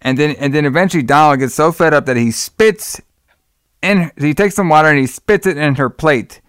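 A man's voice: on the high side, brisk, a bit bright, smooth, no echo, studio quality. Casual man rambling through a movie recap. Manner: rambling retelling, acts out quotes, says "all right" a lot. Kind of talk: casual chat recapping a film.

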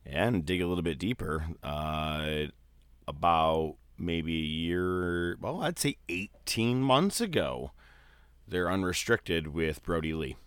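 Low-voiced guy cohosting a podcast, loose and swearing a lot, dry sound. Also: takes it slowly, clean tone, no room sound. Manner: animated, swearing, laughs easily. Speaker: podcast co-host. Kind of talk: casual chat.

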